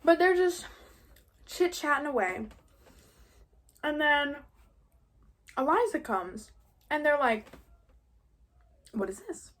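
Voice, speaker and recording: A woman's voice: sits high, very animated, slow, long pauses, fairly bright tone. An eighteen-year-old woman from New York, casually recapping a musical while eating, talking in a rambling way full of "like". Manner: chatty, rambling, heavy on "like". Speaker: vlogger.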